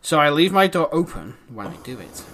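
A man's voice: fairly high pitch, sing-song, brisk, fairly bright tone, slight background noise. A man co-hosting a comedy podcast, talking in casual banter, laughing often and swearing freely. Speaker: podcast co-host.

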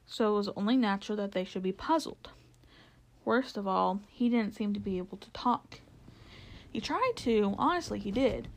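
A woman narrating a children's novel aloud in a steady storytelling way, with the odd stumble and restart. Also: mid-range voice, normal speed.

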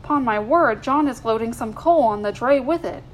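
A woman's voice: on the high side, moderate pace, slight background noise, close to an everyday voice, rough recording. A woman voicing a saucy young man who teases his cousin playfully. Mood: teasing. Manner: teasing, bouncy.

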